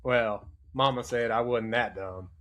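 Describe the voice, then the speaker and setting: A man's voice: mid-range voice, unhurried, a bit bright. A young man in casual podcast chat, joking and rambling as he goes. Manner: joking, rambling, self-interrupting. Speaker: podcast guest.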